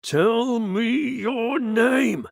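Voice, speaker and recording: A man voicing a middle-aged exorcist priest who bellows slow, commanding demands at a demon. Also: expressive, no echo, studio quality, faint music behind, exaggerated voice. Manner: booming, commanding, drawn-out demands.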